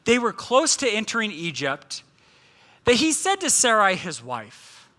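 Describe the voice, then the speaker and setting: A man's voice: high voice, huge pitch swings, a little slow, bright, forceful tone. A man preaching a sermon as a guest speaker, in a humorous, conversational way with playful asides.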